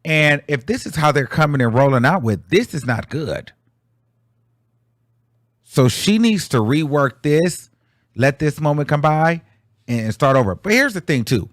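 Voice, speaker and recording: A man's voice: on the high side, big pitch swings, a little slow, long pauses, no echo, clean studio sound. A young man giving candid, chatty commentary on a song, with frequent fillers and restarts. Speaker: music commentator. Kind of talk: casual commentary.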